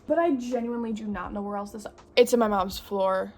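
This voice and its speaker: A woman's voice: mid-range voice, fairly quick, hardly any pauses, darkish tone, a little hiss or hum. Rambling young woman vlogging her day. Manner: rambling, self-deprecating, chatty. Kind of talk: casual vlog chat.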